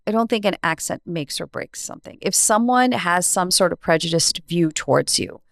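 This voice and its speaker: Gravelly low-voiced American woman. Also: animated, moderate pace, no echo, clean studio sound. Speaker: podcast guest. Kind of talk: thoughtful conversational interview.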